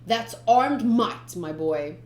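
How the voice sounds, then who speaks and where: A woman voicing a cold, ruthless male pirate commander, speaking in a measured, menacing way. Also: on the high side, animated, darkish tone, echoey room.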